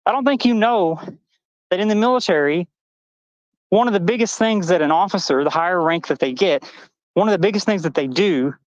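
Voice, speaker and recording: A woman's voice: fairly low pitch, fairly quick, dry recording, dull audio. A trans woman on a live stream panel, delivering a heated, angry rant full of swearing and accusations.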